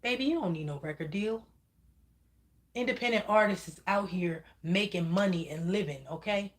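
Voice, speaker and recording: A woman's voice: mid-range voice, moderate pace. A woman giving a livestreamed psychic reading to viewers. She speaks emphatically, keeps checking in with "okay?", and curses when she gets heated. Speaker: spiritual reader channeling messages.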